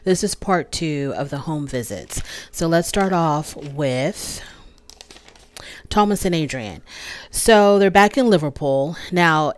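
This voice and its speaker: Low-voiced American woman recapping TV. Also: takes it slowly. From United States. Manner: chatty, recounts scenes with quoted lines. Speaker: reality TV recap host. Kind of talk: casual solo recap.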